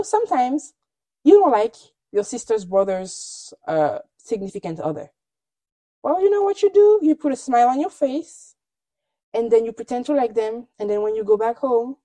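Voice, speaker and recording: A woman's voice: fairly high pitch, mellow, no room sound. A woman hosting a podcast, recapping reality shows in candid, gossipy, opinionated chat and often laughing. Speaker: podcast host.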